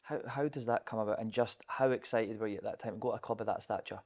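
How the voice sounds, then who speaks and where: A man's voice: on the low side, fast talker, a little mellow. A man interviewing a guest, with eager, prompting questions.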